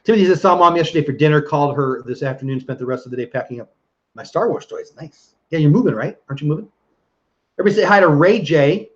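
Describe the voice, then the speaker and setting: A middle-aged man hosts a laid-back livestream, chatting and reading viewer comments aloud while laughing easily. His voice sits fairly high and sounds animated and quick. The stream audio is dull and lo-fi.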